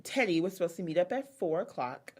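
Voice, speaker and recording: A woman's voice: lowish voice, very animated, a little fast, darkish tone, slightly rough. Chatty woman gossiping, voice jumps around a lot, lots of um and like. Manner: chatty storyteller, lots of fillers and quoting. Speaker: podcast co-host. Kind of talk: casual gossip chat about reality TV.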